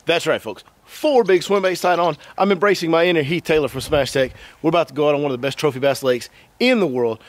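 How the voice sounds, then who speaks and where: A man's voice: a little high, fast talker. A young man hosting a fishing vlog from a boat, chatty and upbeat as he talks straight to viewers. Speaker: fishing guide and host. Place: on a boat on a lake outdoors.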